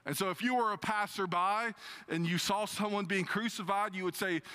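A man preaching a sermon, reading scripture and retelling it with expressive rises and drops. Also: normal speed, smooth. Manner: expressive preaching with dramatic pitch swings when quoting scripture. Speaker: pastor.

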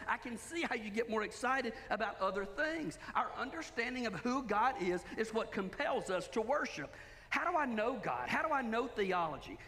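A pastor preaches a sermon in a church sanctuary, emphatic and full of rhetorical questions. His high voice sounds pushed and bright, and the recording carries a long hall reverb.

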